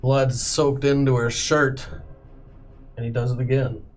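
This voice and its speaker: A man serving as game master in a tabletop game, narrating violent scenes in slow, graphic detail. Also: mid-range voice, level tone, over music.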